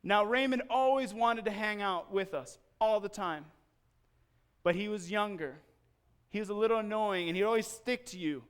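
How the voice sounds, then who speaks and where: High, clear-voiced male pastor preaching. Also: moderate pace. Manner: animated storyteller acting out scenes. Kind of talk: sermon with personal storytelling. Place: church.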